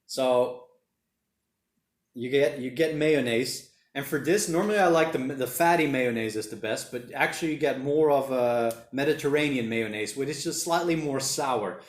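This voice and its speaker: A man's voice: medium pitch, moderate pace, echoey room. A man hosting a casual livestream, rambling and reading viewer comments aloud. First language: Portuguese. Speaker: livestream host reading chat. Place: home room during lockdown.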